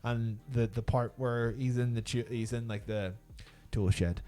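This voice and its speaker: A man co-hosting a podcast in casual chat, animated and swearing, mocking people with put-on voices. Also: medium pitch, a little slow, faint music behind. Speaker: podcast co-host.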